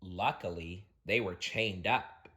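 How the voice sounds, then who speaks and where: A man reading a children's storybook aloud, gently and with small restarts. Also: low-pitched, takes it slowly.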